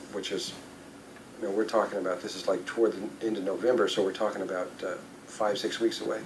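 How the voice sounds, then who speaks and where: An older man spins a loose, anecdotal story for a listening crowd, his voice sitting a little low. He wanders through asides and fillers and catches himself mid-sentence. A faint hiss runs under the recording. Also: level tone, fast talker, poor audio. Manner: rambling anecdotal, with fillers and self-corrections. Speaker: spiritual speaker. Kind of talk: storytelling talk to an audience.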